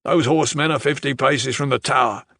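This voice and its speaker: Brief: blunt growling bodyguard, gravelly, read by a man. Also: mid-range voice, brisk, pushed and bright, no echo, studio quality, full character voice. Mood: gruff. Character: gruff male bodyguard, blunt.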